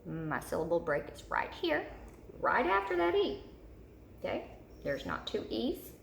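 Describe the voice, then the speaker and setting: Lady teacher recording a video lesson, slow and repetitive, bit of fry, echoey room. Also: mid-range voice, wildly swooping pitch, slight background noise. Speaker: third grade teacher.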